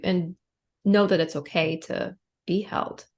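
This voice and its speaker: A woman who is a breathwork facilitator, talking softly and earnestly on a podcast. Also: lowish voice, steady tone, slow pace. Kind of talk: podcast conversation.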